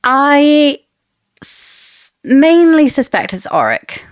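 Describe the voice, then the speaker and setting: A woman's voice: sits high, sing-song, extremely slow, dry recording, clean studio sound. A woman co-hosting a casual book discussion podcast, chatty and theorizing with frequent laughs. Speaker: podcast co-host.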